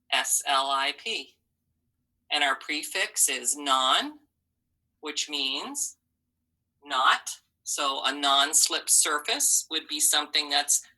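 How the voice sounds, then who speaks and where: Slow, bright-voiced woman teaching phonics. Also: deep voice, low-quality recording. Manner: slow, clear, encouraging, sounds out letters. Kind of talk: phonics lesson for children.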